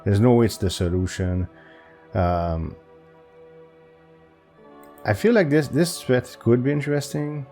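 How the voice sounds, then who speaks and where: A man's voice: unhurried, pauses often, warm tone, soft background music. A man thinking aloud while solving chess puzzles for his channel, hesitant and full of restarts. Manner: hesitant, self-talking with restarts and pitch jumps. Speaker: chess video creator.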